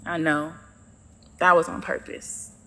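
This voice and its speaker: A woman voicing Pain as a calm, nonchalant male figure in a spoken short story. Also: lowish voice, takes it slowly, vocal fry, full character voice.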